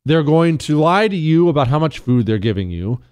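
A man's voice: fairly high pitch, very animated, a little fast, darkish tone, clear, resonant tone. A man hosting a talk radio show, blunt and sarcastic in his opinionated monologue.

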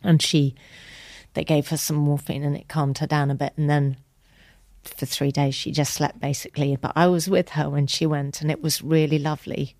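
A woman guest telling an emotional personal story in a candid, chatty way, acting out quoted lines with soft whispers. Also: deep voice, little pitch movement, normal speed, dry recording.

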